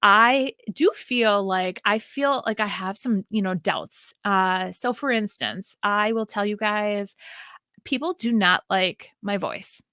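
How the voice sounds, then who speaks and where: A woman's voice: medium pitch, slow, sharp tone, no room sound, studio quality. A podcast host, a woman from Wisconsin with a Wisconsin accent, talking in a chatty, sing-songy way with many fillers. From Wisconsin, US Midwest. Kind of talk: casual solo podcast monologue.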